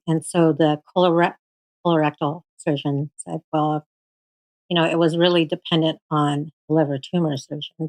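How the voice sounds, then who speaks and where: A woman guest recounting her cancer treatment in casual storytelling, animated and full of fillers, often quoting her doctors. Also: low voice, no room sound, poor audio.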